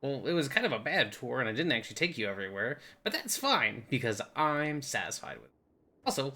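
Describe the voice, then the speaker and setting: A young man rambles through a casual game map tour in a goofy, playful way. His voice sits at an ordinary middle pitch, loose and unhurried, with jokey asides. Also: big pitch swings, sharp tone. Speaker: game video host.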